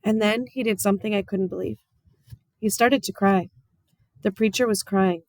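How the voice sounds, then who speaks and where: Woman narrator, mid-range, close and dry, calm storybook read-aloud. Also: mid-range voice, moderate pace, no echo. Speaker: audiobook reader.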